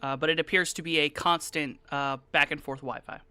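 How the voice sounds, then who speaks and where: A game master lays out the details for the players in a loose, rambling way. The voice is bright and crisp. The recording is dry and close. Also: medium pitch, steady tone, fairly quick, dry recording. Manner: rambling, filler-heavy, conversational. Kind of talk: describing scenes for players.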